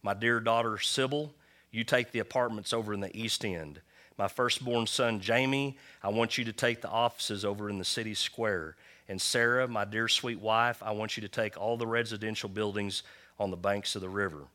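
A man's voice: lowish voice, fairly even intonation, moderate pace, sharp tone. A man voicing a dying elderly husband who earnestly and tenderly lists bequests to his family. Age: older.

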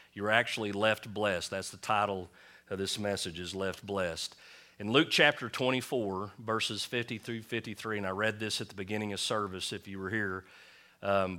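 A male pastor preaches in a church in a conversational way, calling out to the congregation for responses. His voice sits a little low but sounds bright and forceful. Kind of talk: sermon.

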